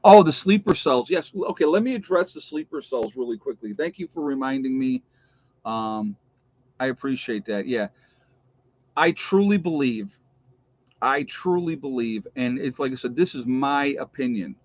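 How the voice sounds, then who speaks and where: A man's voice: mid-range voice, lively intonation, no echo, lo-fi sound. Chatty man hosting a livestream. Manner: chatty, lists viewer locations, pauses with uh. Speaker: livestream host. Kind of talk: casual livestream chat reading viewer comments.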